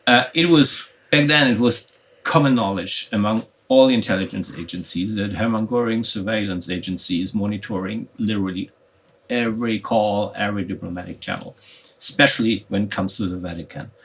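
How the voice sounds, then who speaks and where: Low-voiced man making an emphatic point. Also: brisk, fairly bright tone. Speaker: guest historian. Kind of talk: casual history chat.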